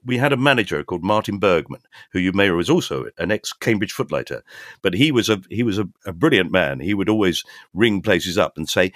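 Older man, guest storyteller, low voice with a wide lively swing, dry close sound. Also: a little fast, no room sound. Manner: animated storyteller, acts out quoted voices. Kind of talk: casual anecdotes.

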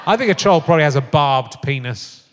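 Middle-aged guy hosting a live comedy podcast, kinda high voice, bawdy jokes, long echo off a big hall. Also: lively intonation, brisk. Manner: jokey, bawdy, laughs a lot. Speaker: podcast host. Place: large live venue on stage.

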